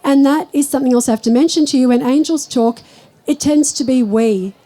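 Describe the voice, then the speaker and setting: High-voiced woman telling spiritual stories. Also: brisk, dark tone, low-quality recording. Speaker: spiritual teacher. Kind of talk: live talk to an audience.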